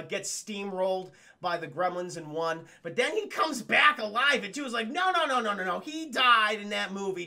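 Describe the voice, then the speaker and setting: A man recaps a movie for his livestream chat in a loose, rambling way, swearing freely and calling out to the chat every few lines. His voice sits high for a man and has a bright, sharp edge. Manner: rambling, profane, keeps addressing the chat. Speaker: streamer reviewing a film.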